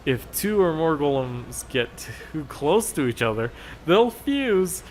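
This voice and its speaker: A man's voice: mid-range voice, lively intonation, a little slow, slight background noise. A man commentating over gameplay footage, explaining a raid strategy in a chatty, rambling way and laughing at his own slip-ups.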